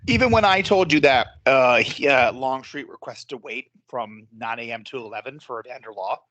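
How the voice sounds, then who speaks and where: A man's voice: mid-range voice, expressive, moderate pace, fairly bright tone, no room sound, muffled recording. A man co-hosting a casual history podcast, enthusiastic, laughing often and swearing now and then. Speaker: podcast co-host.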